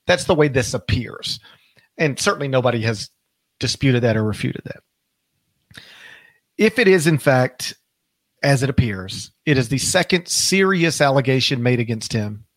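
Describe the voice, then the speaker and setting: A man's voice: on the high side, dry recording. A middle-aged man hosting a podcast, talking casually, rambling and correcting himself, stressing key words. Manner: rambling, self-correcting, emphatic. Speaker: podcast host.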